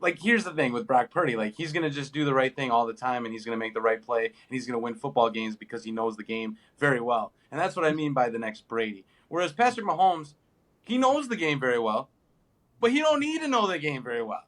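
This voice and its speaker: A young man co-hosting a casual sports podcast, animated, swearing freely and acting out what players say. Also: mid-range voice, fast talker. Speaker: podcast co-host.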